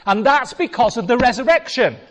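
High-voiced, lively preacher in echoing hall. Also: male voice, brisk. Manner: emphatic, rhetorical questions to congregation. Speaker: pastor. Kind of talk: sermon. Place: church hall. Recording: long reverb of a large hall.

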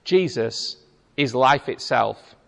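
A man's voice: medium pitch, lively intonation, takes it slowly, creaky. A man preaching a sermon as pastor, speaking emphatically and firing rhetorical questions at the congregation in a church. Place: church hall. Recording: long reverb of a large hall.

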